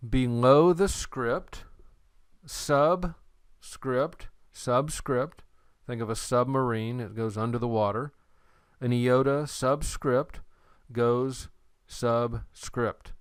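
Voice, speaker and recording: Man, teacher, recorded lesson, slow delivery, smooth resonant voice, patient and playful. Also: mid-range voice, a bit bright, no room sound, studio quality. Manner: slow, patient explaining with playful memory tricks. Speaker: Greek teacher. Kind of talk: recorded lecture.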